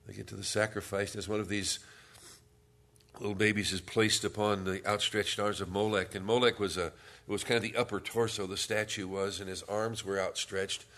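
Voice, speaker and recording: A man's voice: fairly low pitch, level tone, fairly quick, fairly bright tone. A man preaching a sermon as pastor, telling a story and then reading scripture aloud with rising force.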